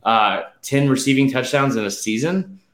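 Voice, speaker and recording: A man hosts a casual sports betting chat, rattling off stats emphatically with fillers and sounding slightly out of breath. His medium-pitched voice has a fairly bright tone and a roomy sound.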